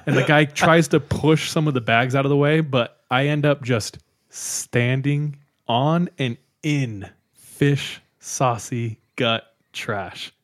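Animated young man telling a story. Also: medium pitch, slow pace, no room sound, clean studio sound. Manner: animated, laughs often, acts out quoted people. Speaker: podcast host. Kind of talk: casual storytelling among friends.

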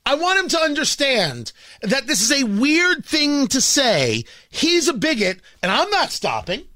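A man's voice: very high voice, wildly swooping pitch, a little slow, bright, forceful tone, no echo, clean studio sound. A male talk radio host delivering a combative, ranting opinion monologue, often stumbling and repeating words.

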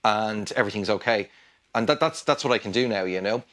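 A guest guitarist from Ireland, speaking with an Irish accent, talks in a casual interview with a lowish voice at a slightly fast pace. He's animated and rambling, restarting his sentences often.

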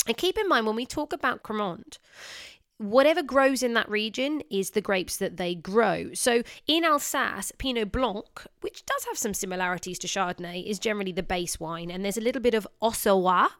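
Woman, casual podcast host, informal and chatty, crisp voice, mid pitch. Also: dry recording, studio quality. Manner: chatty and informal, with light self-teasing asides. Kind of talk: casual solo podcast talk.

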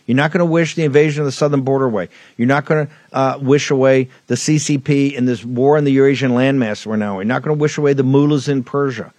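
A man's voice: on the high side, darkish tone, no echo. A man hosting a political talk show, delivering fiery, emphatic, repetitive commentary. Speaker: host.

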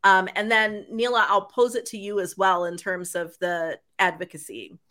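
A woman's voice: medium pitch, fairly even intonation, normal speed, bright, forceful tone. A woman hosting a podcast roundtable, guiding the discussion with organized questions. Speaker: podcast host. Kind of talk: moderating a roundtable.

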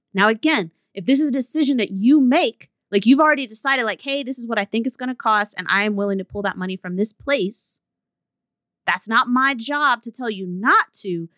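A woman's voice: mid-range voice, fairly bright tone, dry recording. Candid woman coach, blunt solo podcast host, dry recording. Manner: blunt, candid, with laughing asides.

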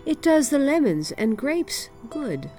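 A cold, grand queen of snow in a storybook, read by a woman. She speaks in a stately, lofty way with a lively rise and fall, slow and unhurried, over faint music. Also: high-pitched, voice pushed up, full character voice.

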